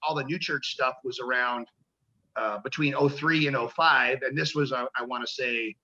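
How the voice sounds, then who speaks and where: A man's voice: mid-range voice, fairly even intonation, normal speed, sharp tone, dull audio. A man, a pro wrestler, telling rambling, profane stories in a casual interview and acting out the voices of people he quotes.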